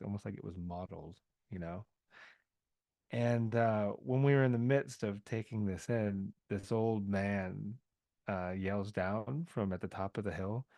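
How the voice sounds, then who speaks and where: A man's voice: on the low side, vocal fry, darkish tone, no room sound. A man from the American South, a podcast guest telling a story in a loose, rambling way full of filler words. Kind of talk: casual podcast conversation.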